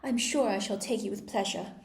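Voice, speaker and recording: A woman's voice: mid-range voice, a little fast, gravelly, close to an everyday voice. A woman reading aloud and voicing a flustered, scatterbrained queen, melancholy and helpless, in a roomy space. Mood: fretful. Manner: melancholy, helpless, then shrieking.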